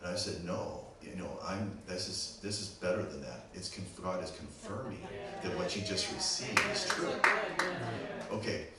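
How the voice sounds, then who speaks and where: A man's voice: low-pitched, normal speed, over a noisy crowd. A man from Pittsburgh with a Pittsburgh accent, a guest preacher telling a story in a sermon and checking in with the congregation often. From Pittsburgh, USA. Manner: animated, keeps checking in with the audience. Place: church sanctuary. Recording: very echoey church, distant mic, background noise.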